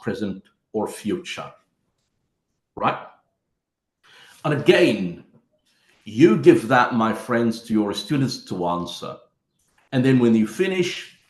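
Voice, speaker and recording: A man's voice: mid-range voice, reverberant. A man giving an online conference talk that explains step by step how to teach grammar through questions, and he calls his listeners his friends. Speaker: teacher trainer.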